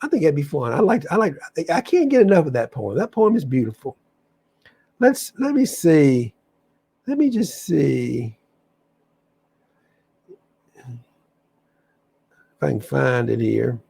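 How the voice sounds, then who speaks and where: A man's voice: fairly high pitch, big pitch swings, a little slow, creaky, long pauses, mellow, slightly rough. A man hosting a spiritual livestream, chatting casually and enthusiastically to viewers, rambling and often restarting his sentences. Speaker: livestream host.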